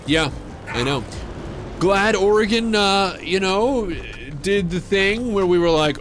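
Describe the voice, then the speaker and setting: A man's voice: high voice, lively intonation, slow, a bit bright, faint music behind. Rambling, foul-mouthed streamer guy. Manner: loose, profane, full of fillers and restarts. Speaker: livestream gamer host. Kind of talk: casual rambling storytelling.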